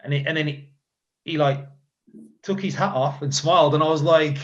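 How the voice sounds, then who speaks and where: A former footballer chats as a podcast guest, rambling through stories and acting out what he said back then. His voice is a touch high. The recording sounds dull and lo-fi. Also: moderate pace. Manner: rambling anecdotes with laughs and quoted asides. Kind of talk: casual storytelling chat.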